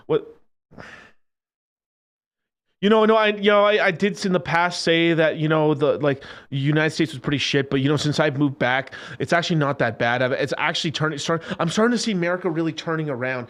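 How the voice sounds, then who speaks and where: Man, crypto stream host, loose profane rant, lively swooping pitch, slightly high voice. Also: brisk. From Mexican. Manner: profane, emphatic, repeats phrases, mocking mimicry. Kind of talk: unfiltered casual rant.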